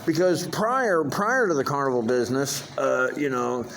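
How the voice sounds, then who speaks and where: A man's voice: mid-range voice, sing-song, normal speed, vocal fry, fairly bright tone. An older man talks in a rambling, profane vlog monologue, full of fillers and restarts. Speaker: vlogger.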